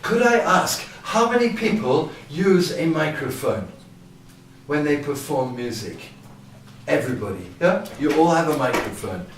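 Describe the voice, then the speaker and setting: A man with a fairly high voice gives a lively seminar, acting out his stories with playful sound effects. His quiet voice reaches the listener through a hall PA, heard from a distance with heavy room echo and a faint hiss behind it. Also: a little slow. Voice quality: naturally quiet voice. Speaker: seminar presenter. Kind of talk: lecture to a live audience. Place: large hall with loudspeakers. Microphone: microphone at ten centimeters, through a PA. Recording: very echoey hall, distant from the camera.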